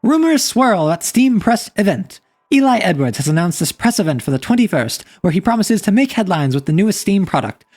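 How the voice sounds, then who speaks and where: A woman's voice: mid-range voice, very animated, a little fast, hardly any pauses, a little mellow, soft background music. A woman voicing an old-timey newspaper reporter who reads out a formal news bulletin. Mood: declamatory. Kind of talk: in-character news reading.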